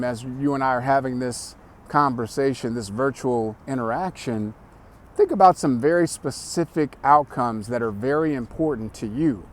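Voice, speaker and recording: A man giving a motivational talk, speaking emphatically and repeating his key phrases. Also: mid-range voice.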